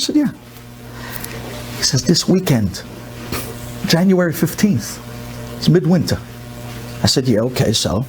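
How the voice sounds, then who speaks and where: A man's voice: on the high side, takes it slowly, long pauses, a little hiss or hum. A middle-aged man from the United States, a rabbi telling a story in a sermon and acting out the people in it. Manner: animated storyteller, acts out the people in his story.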